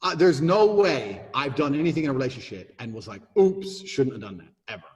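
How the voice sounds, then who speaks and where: A podcast interview guest advising men speaks in a mid-range voice, a little fast, with lively intonation. His style is blunt, emphatic and profane, and the room gives the recording an echo.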